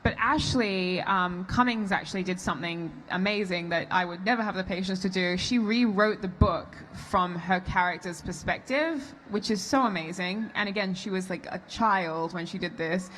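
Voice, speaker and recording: A woman's voice: lowish voice, moderate pace, few pauses, a little hiss or hum. An Australian woman in her twenties answers fan questions on a convention panel in a chatty, easygoing way. Faint hall ambience is heard behind her. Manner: warm, chatty, many fillers. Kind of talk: casual panel Q&A.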